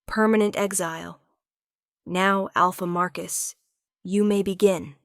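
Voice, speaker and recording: A man's voice: sits high, fairly even intonation, unhurried, vocal fry, fairly bright tone, clear, resonant tone, dry recording, full character voice. Woman narrator doing ruthless male elder, clipped and cold, dry close sound. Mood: pleased.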